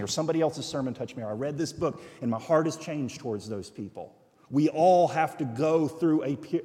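A man preaching a sermon as a guest speaker, telling stories and acting out the voices of the people in them. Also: medium pitch. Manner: animated storytelling, acting out quoted voices. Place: church sanctuary. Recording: long church reverb.

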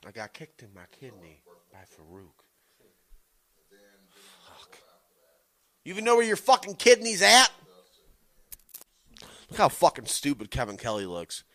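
A man's voice: high-pitched, wildly swooping pitch, unhurried, pauses often, fairly bright tone. A man co-hosting a podcast, heckling a wrestling broadcast with casual, profane, sarcastic put-downs. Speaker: podcast co-host. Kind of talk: casual profane watch-along commentary.

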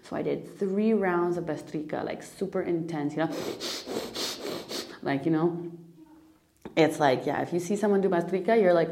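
Low mellow-voiced woman, candid monologue. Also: normal speed, long pauses. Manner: emotional, confessional, frequent swearing and restarts. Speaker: podcast host.

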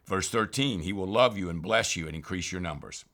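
A man's voice: low-pitched, fairly quick, a bit bright. A man reading scripture aloud and explaining it in a devotional Bible teaching, reading verses and then reflecting on them. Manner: reads verses then explains them, often saying "remember".

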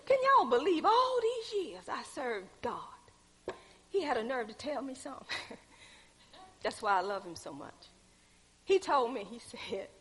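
A woman preaching a testimony sermon, calling out to her congregation and swinging from hushed tones to loud exhortation. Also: sits high, husky, in a large hall, low-quality recording.

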